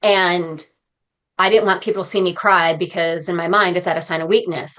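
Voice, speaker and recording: A woman's voice: on the low side, normal speed, fairly bright tone. A woman speaking as a podcast guest, talking in an earnest, heartfelt and encouraging way. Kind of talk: conversational interview.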